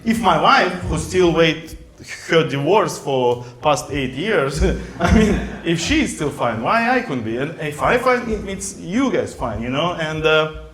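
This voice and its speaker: A middle-aged man, not a native English speaker, does a stand-up set in broken English on a comedy club stage, his voice fairly high and his pace unhurried. He's animated and shouts to the crowd toward the end. The roomy club recording carries audience laughter and room noise.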